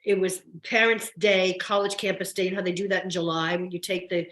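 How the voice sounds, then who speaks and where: An older woman, a soap actress appearing as a guest, tells stories in a casual interview, chatty and effusive, with many restarts. Her voice is on the low side, steady in tone, fairly quick, and fairly bright, and the room has a roomy echo.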